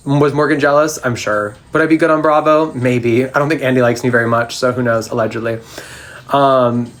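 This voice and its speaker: A man's voice: medium pitch, bright, forceful tone. A young man at home, chatting sassily into his phone as he answers fan questions on a live stream. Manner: chatty and sassy, quick comebacks. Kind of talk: casual live Q&A chat. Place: at home, sitting on the floor.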